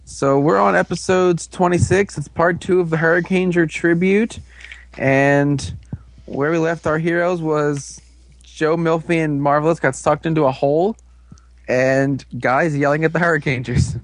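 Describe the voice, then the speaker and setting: Casual podcast co-host, male, slightly high voice, dry close mic, rambling and jokey. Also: fairly even intonation, no room sound. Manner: rambling, jokey, acts out characters in quick quoted voices. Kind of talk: casual podcast chat recapping episodes.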